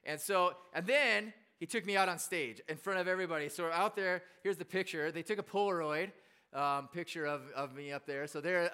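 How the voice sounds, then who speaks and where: A man preaching in a relaxed storytelling style, his voice fairly high and very bright. His tone is clean and smooth as he chats along, self-deprecating and full of easy restarts. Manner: chatty and self-deprecating, with frequent fillers and restarts. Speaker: pastor. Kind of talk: casual storytelling sermon.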